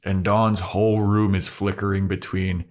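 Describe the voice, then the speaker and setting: A young man co-hosting a podcast, casually retelling TV scenes with lively, swearing play-by-play. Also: sits low, moderate pace. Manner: animated retelling with quoted character voices, swears freely. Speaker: podcast co-host. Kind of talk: casual recap chat.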